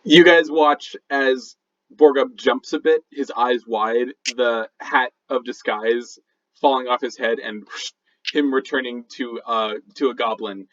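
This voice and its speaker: A man's voice: mid-range voice, unhurried. Man narrating as game master, lo-fi. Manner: relaxed, with frequent fillers.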